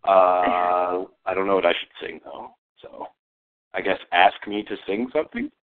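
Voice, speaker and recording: A man's voice: low-pitched, level tone, normal speed. A man being interviewed in a casual online chat, joking and easily sidetracked, heard over a call. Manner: joking, easily distracted, playful. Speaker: interviewee, Let's Play creator. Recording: tinny phone-like call audio.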